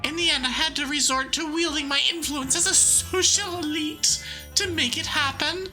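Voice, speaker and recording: A woman's voice: high-pitched, normal speed, music in the background, natural voice. A woman voicing a haughty, self-important rich woman hosting a game tournament. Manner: grand, self-important delivery.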